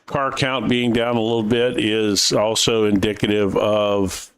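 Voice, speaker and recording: An American man with a low voice co-hosts a sim racing broadcast in an easygoing, rambling way. He fills gaps with "you know" and "uh" and pokes fun at himself. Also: unhurried, smooth, no echo. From United States. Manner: relaxed, rambling, with many fillers and self-mocking jokes. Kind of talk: casual live race-broadcast chat.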